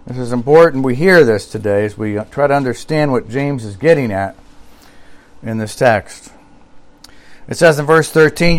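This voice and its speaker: A male pastor preaching a sermon, reading scripture and quotes aloud and repeating key phrases with slow emphasis. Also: medium pitch, lively intonation.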